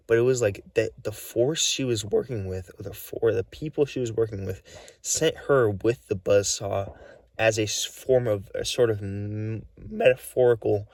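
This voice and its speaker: A tired, short-of-breath man talking to camera in a halting, rambling monologue, full of restarts. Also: lowish voice, vocal fry, dry recording, distant mic. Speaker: vlogger.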